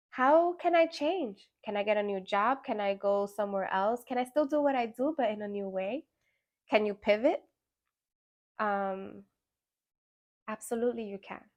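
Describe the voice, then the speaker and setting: A woman's voice: on the high side, normal speed, pauses often. Chatty woman leading a full moon ritual. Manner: conversational, many fillers and tag questions; animated storytelling with acted-out quotes. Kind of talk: casual reflective spiritual talk.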